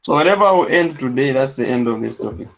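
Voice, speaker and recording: A man teaching a maths class speaks quickly with lively intonation, a medium pitch, vocal fry and a fairly bright tone. He dictates each step aloud and checks understanding with "yes?" throughout the lecture. The classroom recording sounds dull and lo-fi.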